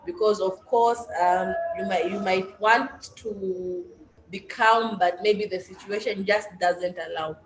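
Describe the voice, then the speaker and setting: A woman's voice: mid-range voice, fairly even intonation, slow, slight background noise. Brief: woman facilitator, mixes English and Swahili, restarts sentences, recorded in an echoey room with faint ambience. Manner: switches between English and Swahili, restarts often. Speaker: session facilitator and interpreter. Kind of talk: workshop moderation.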